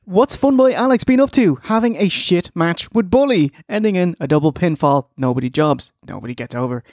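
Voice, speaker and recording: A man's voice: sits high, a little fast, darkish tone, no echo, studio quality. A man co-hosting a wrestling review podcast, wry and joking and often laughing. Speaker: podcast co-host. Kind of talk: comedic wrestling review chat.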